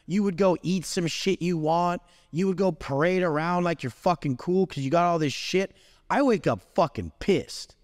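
A man's voice: sits high, moderate pace, no echo, long reverb tail. Aggressive swearing man, dry with long tail. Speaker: guest speaker. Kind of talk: profane motivational rant.

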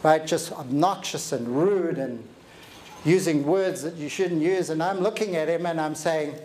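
A man giving an energetic, animated motivational talk, telling stories and joking with a live audience in a hall. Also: on the high side, unhurried, slight background noise. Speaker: motivational speaker. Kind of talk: keynote storytelling to a live audience. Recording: echoey hall with faint ambience.

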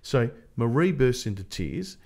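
An Australian man, a politician appearing as a podcast guest, telling relaxed, plain-spoken anecdotes in casual conversation. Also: mid-range voice, a little slow, gravelly.

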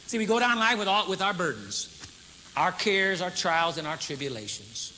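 A man's voice: on the high side, expressive, fast talker, bright, forceful tone, a little hiss or hum. A man pastor preaching a sermon to a congregation, emphatic and humorous, acting out a demonstration. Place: church stage before a congregation.

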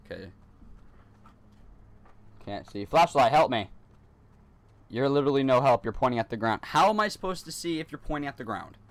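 A man's voice: mid-range voice, animated, moderate pace, pauses often, dry recording. A young man playing a horror game in his hot bedroom, talking nervously to himself and repeating lines as he runs. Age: teens. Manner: nervous, repetitive self-talk. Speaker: gaming YouTuber.

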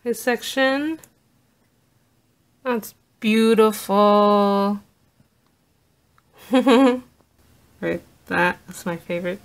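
Woman, vlogger, unboxing narration, slow unhurried delivery, gushing and awed. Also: mid-range voice. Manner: awed, gushing exclamations, soft asides.

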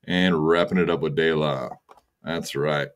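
A man's voice: a bass voice, fairly even intonation, measured pace. A man hosting a livestream, signing off in a laid-back way with crude jokes. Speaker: streamer host. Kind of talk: casual livestream sign-off.

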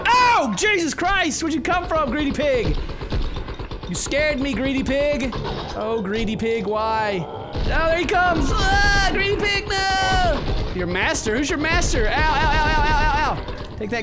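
A young man giving goofy let's-play commentary, yelling and joking at the game. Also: very high-pitched. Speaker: gaming commentator.

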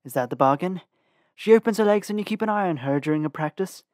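A man's voice: high voice, fairly quick, darkish tone, no echo, studio quality, pitched above the performer's own voice, lightly acted. A man reading the part of a sneering young male thief in an audiobook, mocking and taunting.

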